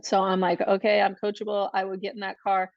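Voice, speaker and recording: Animated woman telling a story, dry sound. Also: mid-range voice, brisk, gravelly, no room sound. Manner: animated, acts out quoted dialogue. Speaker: podcast guest. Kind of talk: casual conversational storytelling. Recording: dull, dry podcast audio.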